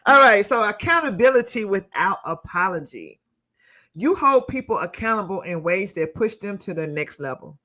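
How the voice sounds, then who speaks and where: An upbeat podcast host leads the interview playfully and moves briskly between questions. The voice is bright and the pitch is lively.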